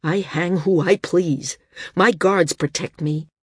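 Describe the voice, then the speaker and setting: A woman's voice: fairly low pitch, fairly even intonation, slow, breathy edge, no echo, studio quality. A woman voicing a paranoid, imperious male landsman who speaks shrilly and angrily. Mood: shrill, angry.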